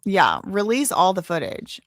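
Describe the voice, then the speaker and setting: A woman's voice: medium pitch, wildly swooping pitch, a little slow, no echo, clean studio sound. A woman hosting a live case-update stream, chatting casually with viewers in a blunt, indignant way, sometimes cursing. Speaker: host.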